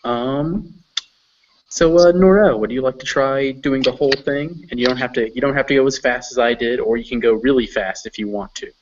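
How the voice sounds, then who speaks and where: A man teaching English in an online lesson, patiently explaining and slowly demonstrating pronunciation. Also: mid-range voice, distant mic, music in the background. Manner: patient, slow careful demonstrations. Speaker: English tutor. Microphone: video call. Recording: dull lo-fi video call audio.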